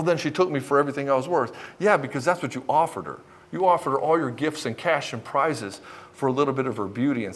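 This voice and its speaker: A man coaching other men on relationships, talking straight to the camera in a blunt, confrontational way, swearing often and mimicking the men he criticizes. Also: medium pitch. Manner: mocks men by mimicking them. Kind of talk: direct-to-camera coaching talk.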